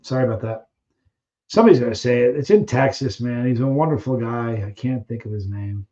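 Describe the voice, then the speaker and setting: A man's voice: medium pitch, a little fast, mellow, lo-fi sound. Rambling man chatting on a live stream. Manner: rambling, chatty, trails off searching for names. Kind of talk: casual live chat reading viewer questions.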